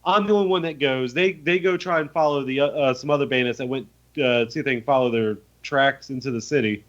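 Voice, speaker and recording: A young man co-hosting a podcast, retelling a tabletop game in animated, profane storytelling with lots of fillers. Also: medium pitch, quick pace. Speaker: podcast co-host. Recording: muffled lo-fi audio.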